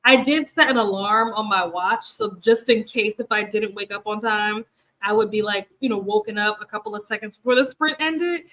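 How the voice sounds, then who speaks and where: A woman's voice: mid-range voice, moderate pace, fairly bright tone, poor audio. A tired young woman, hosting a reading livestream, who chats in a rambling way and laughs often. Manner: rambling and chatty, laughs often, many fillers. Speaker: booktube host of reading sprints. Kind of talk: casual livestream chat to viewers.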